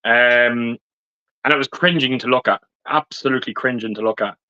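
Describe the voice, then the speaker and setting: A man's voice: mid-range voice, normal speed, sharp tone, clean tone, no echo. A man on a live stream film chat, grumbling sarcastically and swearing about a movie that disappointed him. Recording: dry, muffled stream audio.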